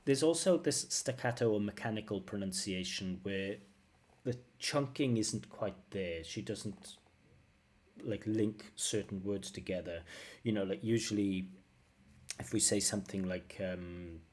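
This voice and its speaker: A man's voice: on the low side, a little slow, darkish tone. A man working as a language test examiner, giving analytical feedback and repeating phrases to model pronunciation.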